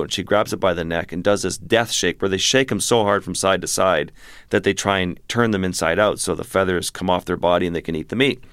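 A man's voice: sits low, no echo, clean studio sound. A man, a wildlife photographer, telling a vivid adventure story as a guest in an interview. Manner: vivid, animated storytelling with restarts.

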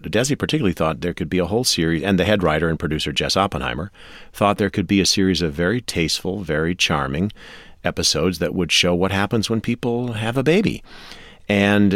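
A man as a radio interview guest, telling show-business history in a measured way with fillers. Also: sits low, dry recording, clean studio sound.

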